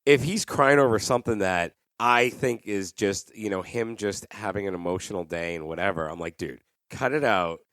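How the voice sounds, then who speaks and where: With a lowish, clean voice, this thirties-aged podcast host talks at a moderate pace and barely pauses. He's an animated storyteller in a casual interview chat, acting out quoted people, recorded clean in a studio with no room sound.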